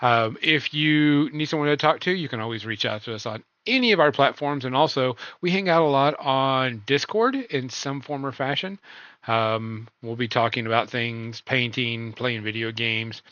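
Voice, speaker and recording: A man's voice: mid-range voice, normal speed, sharp tone, clear, resonant tone, no echo, muffled recording. A man hosting a casual stream chat, loose and rambling, full of ums and uhs. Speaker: podcast host.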